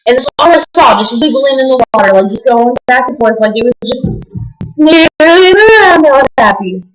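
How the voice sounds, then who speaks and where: A woman's voice: high voice, expressive, moderate pace, soft background music, low-quality recording. Sick, cursing woman rambling a story. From Las Vegas, USA. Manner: profane, rambling, full of fillers. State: sick with a stuffy nose. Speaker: vlogger.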